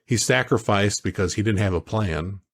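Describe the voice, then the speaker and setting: A man co-hosting a podcast, talking in a casual, animated way that wanders through stories. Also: fairly low pitch, normal speed, vocal fry. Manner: animated, storytelling, digressive. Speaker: podcast co-host. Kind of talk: casual chat.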